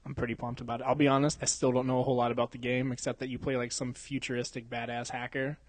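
A man's voice: medium pitch, flat delivery, very fast, no room sound. A young man co-hosting a podcast, chatting casually, rambling, laughing often and swearing a lot. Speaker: podcast co-host. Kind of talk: casual chat.

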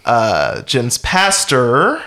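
A man's voice: mid-range voice, wildly swooping pitch, extremely slow, pushed and bright. Wry, rambling man recapping a film. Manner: rambling, wry, with frequent chuckles and fillers. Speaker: podcast co-host. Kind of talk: casual chat recapping a film.

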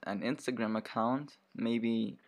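A young man co-hosting a casual podcast, hesitant and halting as he talks. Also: medium pitch. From Germany and Chile. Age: young adult. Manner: halting, hesitant, restarts a lot. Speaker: podcast co-host.

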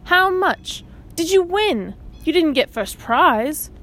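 A woman voicing an excitable, envious boy pressing his brother with eager questions. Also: very high-pitched, slow pace, voice pushed up, heavily acted.

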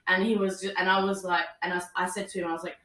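A woman's voice: on the low side, fast talker, recorded from a distance. Young woman telling a wild story, lots of "like", acts out what people said, a bit off mic in a roomy space. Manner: animated storyteller, quotes people, laughs often. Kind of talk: casual chat.

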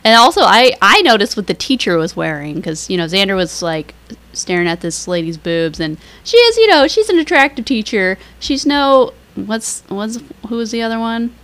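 A woman's voice: mid-range voice, big pitch swings, moderate pace, fairly bright tone. Young woman co-host, rambling recap, giggly, mid-range voice, loose casual talk. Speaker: podcast co-host. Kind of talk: casual chat, episode recap.

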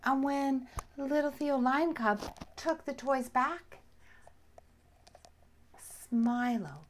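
A woman reading a children's story aloud slowly and expressively, often dropping to a soft whisper. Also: high voice.

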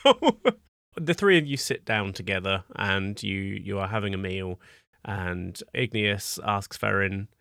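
Brief: male GM, bright tone, casual narration, dry close mic. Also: lowish voice, a little slow, creaky, clear, resonant tone, no echo. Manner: laughs often, casual swearing. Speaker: game master. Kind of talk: narrating a tabletop game.

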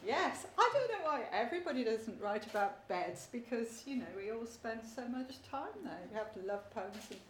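A woman's voice: a little high, very animated, moderate pace, hardly any pauses, a bit bright, slight background noise. A woman poet giving a rhythmic, playful poetry reading. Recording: echoey room.

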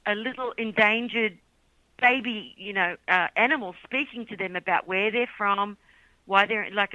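Animated woman, bright voice. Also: on the high side, no room sound, poor audio. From Australia. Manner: animated storyteller, laughs often, acts out quotes. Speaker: guest, children's songwriter. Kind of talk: casual podcast chat.

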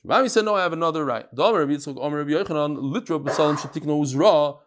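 A man teaching a Talmud class, reading Aramaic lines and explaining them in English in a lively, questioning way. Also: on the high side, very fast, a little hiss or hum.

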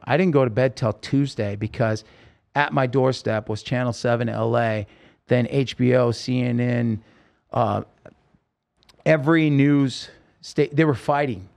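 A man with a gravelly, creaky edge to his voice tells a story as a podcast guest. He speaks in halting bursts, restarting and correcting himself often. His pitch sits in an ordinary middle range. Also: darkish tone. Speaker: interview guest. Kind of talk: emotional personal storytelling.

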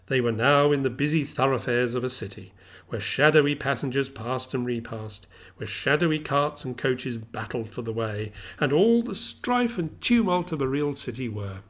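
Man reading a classic tale aloud. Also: medium pitch. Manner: measured, expressive storytelling. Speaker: reader.

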